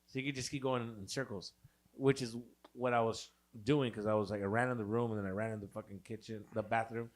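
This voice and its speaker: A man's voice: lowish voice, a little fast. A young man co-hosting a podcast, telling a wild story in casual, profane chat and acting out the people in it. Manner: animated, profane, acts out voices in quotes. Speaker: podcast co-host.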